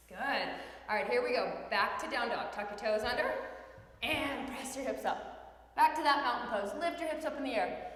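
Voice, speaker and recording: A woman teaches children yoga in a bright, high voice, giving encouraging cues and playful animal prompts. Her voice rings around a roomy studio with a long reverb tail. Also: normal speed. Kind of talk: guiding a kids' yoga class. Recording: echoey room with long reverb.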